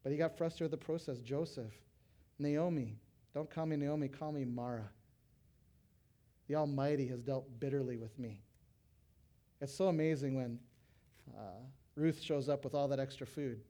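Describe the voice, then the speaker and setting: A middle-aged male pastor preaching to fellow pastors, animated, breaking into loud acted quotes. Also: medium pitch, moderate pace, pauses often. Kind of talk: sermon to pastors.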